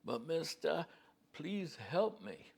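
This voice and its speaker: Man voicing a desperate young traveler from Scotland, high strained plea, drawn out. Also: sing-song, takes it slowly, gravelly, darkish tone, husky, heavily acted. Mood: pleading. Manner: pleading, urgent.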